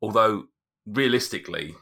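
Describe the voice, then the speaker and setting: A man's voice: lowish voice, normal speed, creaky, pushed and bright, husky. A man narrating as game master, hesitant and full of restarts.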